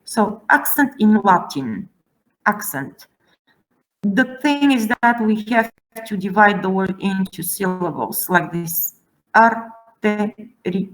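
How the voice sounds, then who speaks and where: A woman giving a classroom lecture at an unhurried, deliberate pace. She breaks each term down step by step, counting and repeating as she explains. Her voice sits at an ordinary, middle pitch. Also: animated, low-quality recording. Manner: methodical, spelling out terms slowly. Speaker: teacher.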